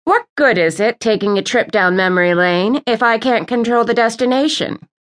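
A woman's voice: a little high, animated, close to an everyday voice. A woman narrating an audiobook, voicing a bossy, scoffing elderly aunt who is a witch. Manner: brisk, scoffing.

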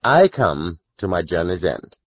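A man narrating a classic novel as an audiobook, measured and expressive. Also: deep voice, no echo, dull audio.

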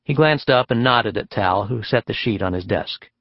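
A male audiobook narrator with a lowish voice and a steady, measured reading. The recording is dry, close and a little dull in tone. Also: no room sound. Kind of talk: scripted narration.

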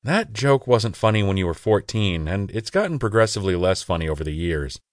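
A man's voice: on the low side, big pitch swings, a little fast, no room sound. A man voicing a self-conscious young gay man who answers a friend in dry, defensive retorts.

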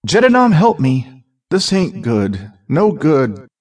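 A man voicing a frightened young male thief who talks in rough, everyday speech with dropped endings. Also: fairly high pitch, very animated, normal speed, darkish tone, pitched above the performer's own voice. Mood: scared.

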